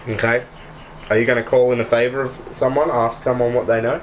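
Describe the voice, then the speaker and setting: A man's voice: mid-range voice, flat delivery, quick pace, a little hiss or hum. A man explaining rules as game master of a tabletop game.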